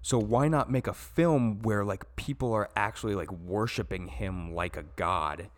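Enthusiastic low-voiced man chatting movies. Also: a little slow. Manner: enthusiastic, swears casually, many "like" fillers. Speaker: podcast co-host. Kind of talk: casual film chat.

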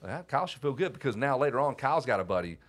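A man's voice: mid-range voice, very animated, racing. A man hosting a podcast, telling a long story in a rambling, laughing way with plenty of swearing. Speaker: podcast host. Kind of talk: casual storytelling chat.

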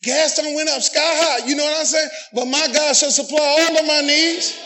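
A middle-aged man preaching a sermon, often shouting and calling for amens from the congregation. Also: extremely high pitch, fairly even intonation, normal speed, slight background noise, rough recording. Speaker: pastor.

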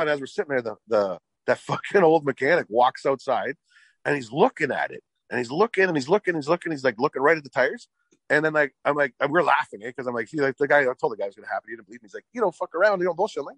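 A man's voice: fairly high pitch, a bit bright, no room sound. A man telling a long car story in casual chat, swearing often and filling with "like". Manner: profane, rambling, fillers like "like".

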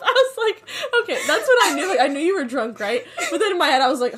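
Animated, high-voiced young woman storyteller. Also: fast talker, hardly any pauses. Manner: laughs often while storytelling. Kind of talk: casual chat.

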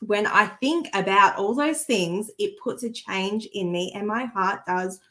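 A woman spiritual healer talks on a podcast in a relaxed, conversational way. She is earnest and heartfelt, and easily moved by what she says. She often restarts her sentences and slips in asides. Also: mid-range voice, a little slow. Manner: chatty, with frequent restarts and asides. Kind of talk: casual conversational chat.

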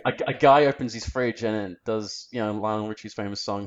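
A man in casual podcast chat, rambling and animated as he tells stories. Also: on the low side, fast, highs cut off. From Australia. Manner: animated storyteller, rambling with fillers. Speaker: podcast co-host.

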